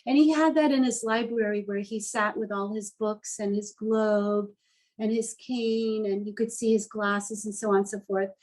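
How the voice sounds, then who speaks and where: A woman's voice: medium pitch, steady tone, normal speed, a little mellow, poor audio. A woman artist telling a story in an interview, speaking in a heartfelt, earnest and openly emotional way.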